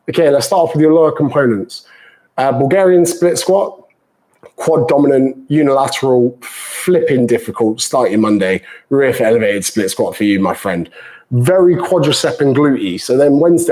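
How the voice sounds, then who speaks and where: A man's voice: medium pitch, a little mellow, rough recording. A British man, a fitness coach, answering viewer questions live in a chatty, banter-filled way and calling people mate.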